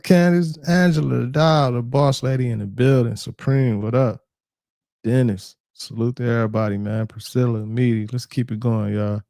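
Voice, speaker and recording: A man's voice: on the high side, vocal fry, darkish tone, no room sound, studio quality. A man hosting a reaction video, commenting casually in slangy, profane talk and greeting his viewers.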